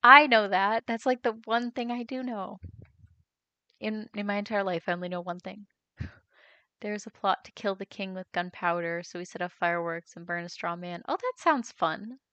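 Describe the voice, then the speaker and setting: A young woman from the United States, a streamer chatting casually, reading out chat and reacting with quick laughs. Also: medium pitch, fairly bright tone, clear, resonant tone, dry recording, dull audio. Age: young adult.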